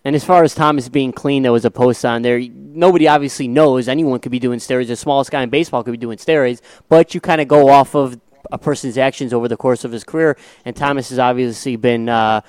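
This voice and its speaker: A man with a Chicago accent chats sports as a co-host, laid-back and a little self-mocking. His voice is smooth and clear, at an ordinary pitch, and he halts and restarts his thoughts. The sound is dry and close. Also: steady tone, fast talker, few pauses, a little mellow, dry recording. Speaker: podcast co-host. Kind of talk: casual sports talk.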